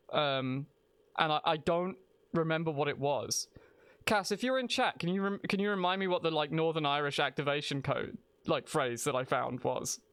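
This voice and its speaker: A man chats loosely while streaming a game, wandering from thought to thought and circling back over his words. His voice is smooth and clear and sits a little high for a man. The sound is dry and close, with no room around it. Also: fairly bright tone, dry recording. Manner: rambling, restarts sentences, thinks aloud. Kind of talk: casual live-stream chat while gaming.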